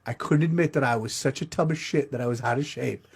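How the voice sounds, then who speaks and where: A man's voice: medium pitch, fast, creaky, breathy edge. A middle-aged man telling a crude, self-mocking comedic story as the show's host.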